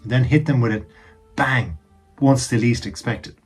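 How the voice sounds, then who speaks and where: A man's voice: mid-range voice, normal speed, slightly rough, soft background music. A man casually giving advice on telling jokes to camera, chatty and emphatic, dropping jokey asides while seated indoors.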